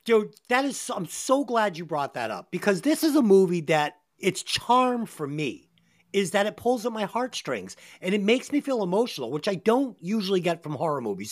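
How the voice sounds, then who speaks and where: Lively, swearing woman podcast host. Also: lowish voice. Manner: animated, profane, emphatic. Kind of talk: casual movie review chat.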